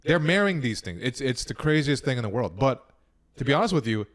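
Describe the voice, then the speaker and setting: A man's voice: medium pitch, big pitch swings, a little fast. A man hosting a comedy podcast, telling a rambling story with many restarts in a casual chat. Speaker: podcast host.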